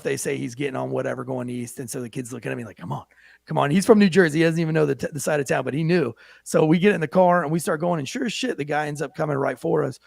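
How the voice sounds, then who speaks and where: A man's voice: fairly high pitch, gravelly, no echo. A man who co-hosts the show and serves as a police officer, telling a story with brash, profane energy and acting out the people he quotes. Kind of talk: animated storytelling.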